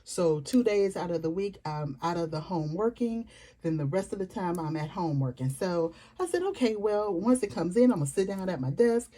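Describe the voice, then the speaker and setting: Excitable chatty woman vlogger. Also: lowish voice. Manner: excitable, talks fast, addresses viewers as y'all. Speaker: planner vlogger. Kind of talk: casual chatty vlog. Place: home desk.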